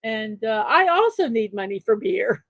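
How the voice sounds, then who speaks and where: A woman with a high voice hosts a casual livestream, reading out jokes in a chatty, upbeat way and chuckling along. She sits close to the mic in a dry, deadened room. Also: very animated, measured pace, a bit bright, no echo. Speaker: livestream show host.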